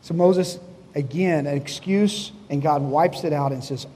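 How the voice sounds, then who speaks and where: A man's voice: a little high, a little slow, warm tone, breathy edge, in a large hall. A man preaching a sermon to a congregation, talking in a conversational way, asking the listeners questions and acting out lines of dialogue from the story. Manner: conversational preaching, asks the congregation questions, voices God and Moses in quotes. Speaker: pastor. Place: church hall before a congregation.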